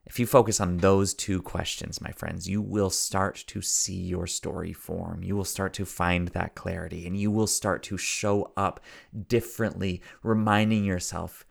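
A man's voice: deep voice, little pitch movement, unhurried, creaky. A man hosting a podcast as a story coach, speaking earnestly in a preachy, motivational way and repeating phrases for emphasis.

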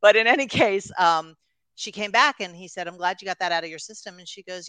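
A woman in her fifties from New York, a guest coach telling stories in an animated, chatty podcast conversation. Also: mid-range voice, brisk, clear, resonant tone, dry recording. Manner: animated storyteller, laughs easily.

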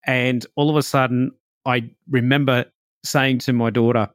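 A man hosting a podcast, telling a personal story in a relaxed, reflective way, full of "like" and "you know". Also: medium pitch, moderate pace, no echo, clean studio sound. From Australia. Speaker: podcast host.

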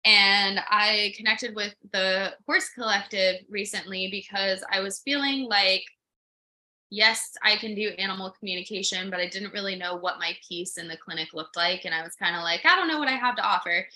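A young woman co-hosting a podcast, telling a story in casual chat, animated and full of "like" and quoted asides. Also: medium pitch, normal speed. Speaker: podcast co-host. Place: her home.

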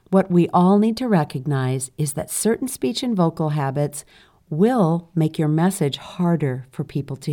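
A woman hosts a solo podcast from a studio. Her voice sits low and sounds mellow and relaxed. She talks conversationally and reads listener comments aloud with playful emphasis. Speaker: podcast host and voice coach.

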